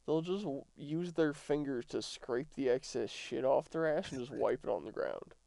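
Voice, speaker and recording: A man's voice: mid-range voice, normal speed, vocal fry, dark tone, dry recording. A man co-hosting a podcast, chatting casually in crude, mocking rants. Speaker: podcast co-host. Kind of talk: casual chat.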